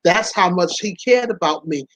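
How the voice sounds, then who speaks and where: A woman's voice: on the low side, lively intonation, normal speed, no echo. A woman hosting her own channel, chatting candidly about past relationships, laughing often and talking to listeners as y'all. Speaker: vlog host.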